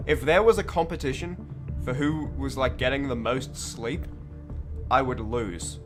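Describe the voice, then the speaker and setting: A man's voice: medium pitch, a little slow. Sleepy-voiced guy rambling through a game stream, jokes, music going. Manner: rambling, joking asides. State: groggy morning voice. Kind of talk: casual gameplay commentary.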